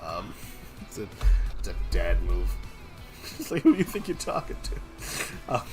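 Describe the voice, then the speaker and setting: A man's voice: low-pitched, wildly swooping pitch, measured pace, soft background music. A young man chatting casually on a game development stream, teasing and joking with his co-host.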